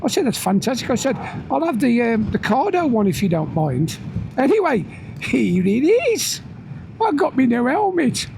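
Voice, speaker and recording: A man's voice: very high voice, very animated, moderate pace, creaky, noisy background. A man vlogging from his motorbike, chatting and telling a story and acting out the voices in it. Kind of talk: casual chat while riding. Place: on a motorbike outdoors.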